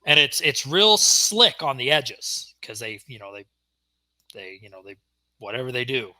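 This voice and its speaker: Bright-voiced man telling a hunting story. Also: medium pitch, normal speed, no echo. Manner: animated storyteller, acts out shouted quotes. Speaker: podcast co-host. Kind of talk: casual storytelling chat.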